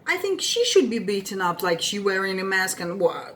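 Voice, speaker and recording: Animated, indignant woman with a Russian-speaking background. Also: mid-range voice, normal speed, hardly any pauses. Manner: indignant and expressive, swears freely. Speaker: vlogger. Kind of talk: casual storytime rant.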